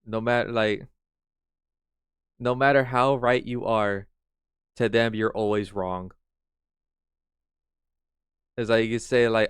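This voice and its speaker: Smooth-voiced man ranting in exasperation. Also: on the low side, fairly even intonation, takes it slowly, pauses often, no echo. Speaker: streamer reacting to a video. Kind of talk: reaction stream commentary.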